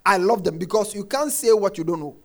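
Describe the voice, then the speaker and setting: Emphatic high-voiced preacher man. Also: lively intonation, a little fast. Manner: emphatic, repeats phrases, swings between soft and shouted lines; quotes scripture, acts out congregants' complaints. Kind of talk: sermon.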